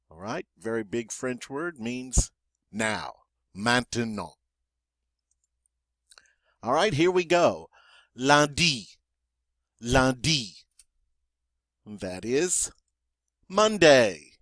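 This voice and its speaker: A man works through a French vocabulary list at an unhurried pace, saying each word twice before explaining it in English. He slips in dry jokes. The sound is dry and close, with no room echo. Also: medium pitch. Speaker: French teacher. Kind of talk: classroom vocabulary lesson.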